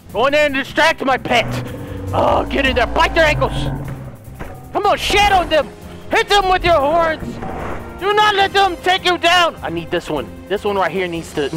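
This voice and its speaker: A man giving excited, yelling commentary while playing a video game, shouting orders at his units. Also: extremely high pitch. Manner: yelling commands at units, wildly animated. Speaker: gaming YouTuber.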